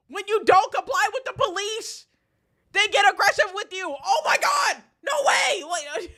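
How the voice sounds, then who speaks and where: High, bright-voiced woman streamer mocking a clip. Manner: mocking, laughing often, animated asides. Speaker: streamer reacting to videos. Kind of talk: casual live-stream commentary.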